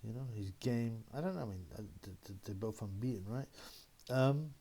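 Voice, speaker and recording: Brief: male host, slightly low voice, loose rambling chat with laughs. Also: moderate pace, dark tone, husky. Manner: rambling, laughing, mocking impressions of critics. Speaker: boxing channel host. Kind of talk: casual solo commentary.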